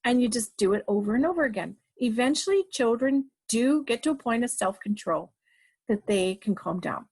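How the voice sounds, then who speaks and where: This is a middle-aged woman giving a parenting talk, with a voice that sits fairly high. She is emphatic and direct, and she drives her points home with short, repeated commands. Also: animated, normal speed, a little mellow, husky. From Canada. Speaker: parenting educator.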